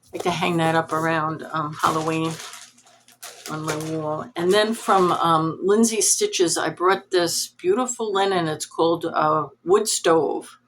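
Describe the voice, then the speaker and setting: A woman's voice: deep voice, steady tone, measured pace, a little hiss or hum. A woman hosting a cross-stitch vlog, chatting casually to camera in a nasal, rambling, self-deprecating way.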